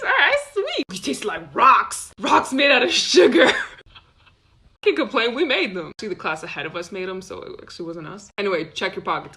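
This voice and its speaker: A woman's voice: mid-range voice, a bit bright. A woman chatting casually through a storytime, animatedly acting out what other people said.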